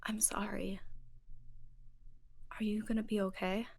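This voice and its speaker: A woman voicing a sympathetic woman rogue who speaks gently and sometimes drops to a hush. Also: medium pitch, flat delivery, a little slow, vocal fry, slightly rough. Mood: somber.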